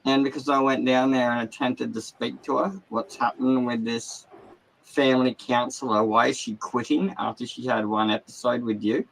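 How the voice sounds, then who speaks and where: An Australian man talking straight into his livestream, rambling and agitated and swearing constantly. His voice sits at an ordinary middle pitch, and he talks to the viewers in a loose, unplanned way from inside his caravan. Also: normal speed, creaky, rough recording. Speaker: livestream host. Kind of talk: casual livestream rant.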